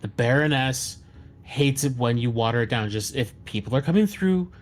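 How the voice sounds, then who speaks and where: A man voicing a shrill, bossy female tavern keeper who scolds her husband. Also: animated, moderate pace, close to an everyday voice. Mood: scolding.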